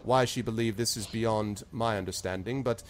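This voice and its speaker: A man's voice: fairly low pitch, fairly even intonation, moderate pace, natural voice. A condescending officer sneers his orders in clipped, formal phrases, as a game master puts him on. His tone stays cold and superior, one who simply follows orders and expects obedience. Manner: stiff, formal, disdainful. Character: haughty, condescending male escort officer.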